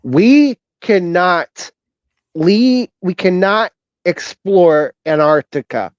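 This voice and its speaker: A man co-hosting a casual online chat show, talking in a hesitant, halting way with many fillers and restarts. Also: high-pitched, animated, clear, resonant tone, no room sound, muffled recording. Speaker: co-host.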